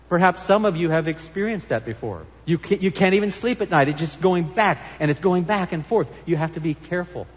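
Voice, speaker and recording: A man preaching a sermon as pastor, earnest and emphatic as he reads and explains scripture. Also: high-pitched. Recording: long hall reverb.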